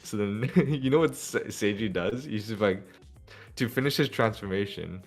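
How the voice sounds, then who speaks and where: A man's voice: fairly low pitch, normal speed, faint music behind. A man co-hosting a casual podcast, recapping an anime episode and laughing as he acts out characters. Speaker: podcast co-host.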